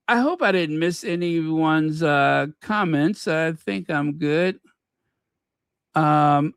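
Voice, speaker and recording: Slow-talking man hosting a channel. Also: a little high, no room sound. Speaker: channel host. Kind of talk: casual commentary.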